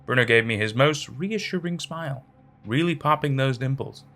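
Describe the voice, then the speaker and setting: A man narrating a horror story in a tense, expressive way. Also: medium pitch, moderate pace, gravelly.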